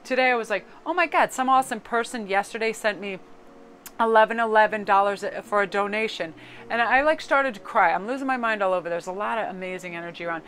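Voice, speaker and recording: A chatty middle-aged woman from Connecticut reads tarot cards in a loose, rambling way, swearing casually and joking around. Her voice sits at an ordinary middle pitch, and a faint hiss of noise runs under the recording. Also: fast, poor audio. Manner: chatty, animated, swears casually, slips into joke accents. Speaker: tarot reader. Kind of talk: casual tarot card reading.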